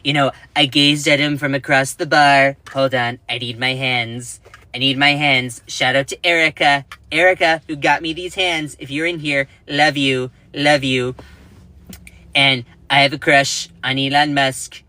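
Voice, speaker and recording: A man's voice: mid-range voice, flat delivery, measured pace, pushed and bright, no room sound. A man hosting a casual political commentary livestream, chatty and jokey, giggling at his own jokes and reading out the news. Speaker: livestream host.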